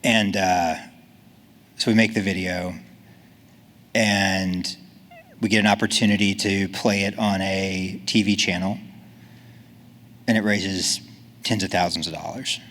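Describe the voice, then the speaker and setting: A man's voice: sits low, fairly even intonation, a little slow, long pauses, a bit bright. A man giving a conference talk in an earnest, casual, encouraging way. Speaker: conference speaker.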